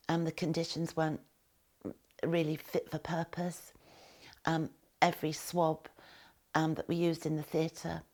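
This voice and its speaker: An older woman recalling her time as a war nurse, speaking hesitantly with many pauses and restarts. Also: sits low, darkish tone. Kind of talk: spoken recollection to camera.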